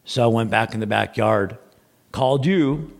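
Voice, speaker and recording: Man, low gravelly voice, rambling casual storytelling, repeats himself. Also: normal speed. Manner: rambling, repeats words, quotes others in dialogue. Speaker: podcast guest.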